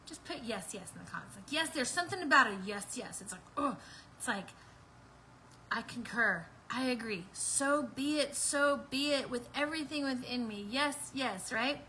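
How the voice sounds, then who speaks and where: A woman's voice: sits high, animated, measured pace, bright, forceful tone, slight background noise, poor audio. A woman hosting a live online prayer meeting, bubbly and laughing as she preaches and talks straight to her viewers. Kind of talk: excited livestream preaching and chat.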